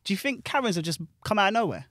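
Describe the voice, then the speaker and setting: Fast-talking man, high voice. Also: no room sound, clean studio sound. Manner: animated, slangy, laughs while telling stories. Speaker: DJ and podcast host. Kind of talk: casual chat, storytelling.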